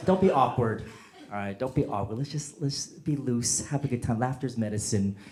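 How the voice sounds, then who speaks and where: A man's voice: mid-range voice, moderate pace, a little mellow. A man doing a stand-up comedy set on a club stage, chatting with the crowd and acting out voices. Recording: echoey club with audience noise.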